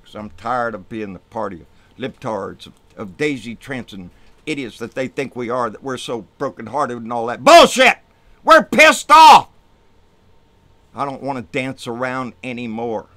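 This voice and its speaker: A man delivering an angry, profane political rant on his own channel, swinging from low muttering to loud outbursts. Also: lively intonation, normal speed. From Texas. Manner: profane, fired-up, swings between muttering and shouting. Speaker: political vlogger.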